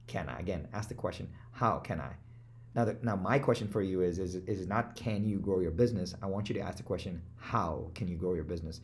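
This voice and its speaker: Energetic man giving a motivational talk. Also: low-pitched. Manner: energetic, repetitive rhetorical questions, swings from loud to hushed. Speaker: motivational speaker and business coach.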